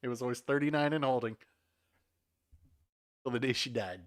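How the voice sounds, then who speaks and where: A man's voice: medium pitch, normal speed, no room sound, clean studio sound. A man chatting casually during a live game stream, joking and laughing often between comments.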